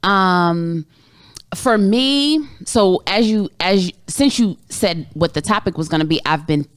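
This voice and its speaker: A woman therapist co-hosting a podcast, explaining things in a measured, reflective way. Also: fairly low pitch, smooth, dry recording, clean studio sound. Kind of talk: casual podcast conversation.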